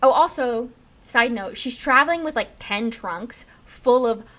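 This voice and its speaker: Her voice is fairly high and a little slow as the young woman recounts history on a podcast. She's casual and chatty, using plenty of "like" and bringing quotes to life in lively bits.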